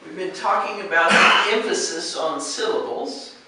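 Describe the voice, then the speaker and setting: An American woman teaching pronunciation, patiently encouraging and saying words slowly to model them. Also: fairly low pitch. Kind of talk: one-on-one pronunciation coaching. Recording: echoey room, distant mic, faint noise.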